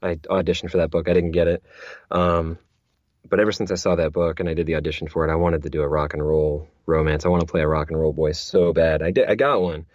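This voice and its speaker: A man, an audiobook narrator, chatting as a guest, talkative and quick to laugh. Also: extremely low pitch, fairly even intonation, a little mellow, no room sound, muffled recording. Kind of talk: casual interview chat.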